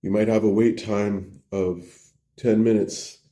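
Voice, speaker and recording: A man voicing a calm male hospital doctor who speaks in a flat, matter-of-fact way. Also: on the low side, unhurried, natural voice. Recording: roomy echo.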